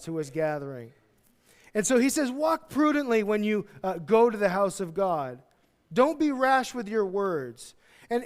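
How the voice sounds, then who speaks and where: High-voiced pastor preaching, chatty and jokey, bursts out loud when excited. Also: male voice. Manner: conversational, animated, jokey preaching with sudden loud outbursts. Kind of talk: sermon.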